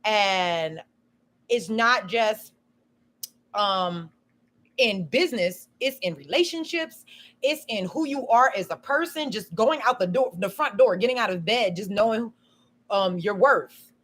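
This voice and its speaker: A woman's voice: medium pitch, expressive, measured pace, a bit bright. A woman chatting casually on a live stream, telling a rambling story full of "you know" and "um".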